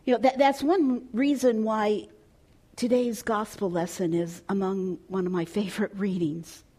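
A woman pastor preaching a storytelling sermon, expressive and at times dropping soft and hushed. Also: mid-range voice, measured pace, breathy edge.

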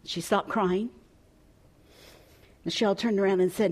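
Slow, expressive woman preaching a sermon. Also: medium pitch. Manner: expressive, dropping to soft and hushed. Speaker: pastor. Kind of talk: storytelling sermon.

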